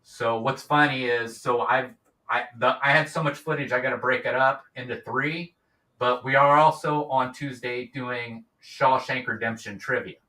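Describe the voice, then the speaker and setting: A man's voice: medium pitch, fairly even intonation, moderate pace, sharp tone. A middle-aged man on a video call, chatting casually as an interview guest and rambling with many restarts. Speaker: guest, YouTube creator. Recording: roomy, distant from mic.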